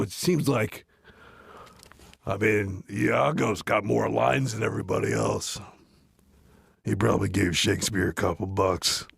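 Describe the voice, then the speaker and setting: A man giving a rambling, deadpan comic monologue full of restarts and asides, close to the mic. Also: on the low side, gravelly, breathy edge, no echo. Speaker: comedian doing a parody reading.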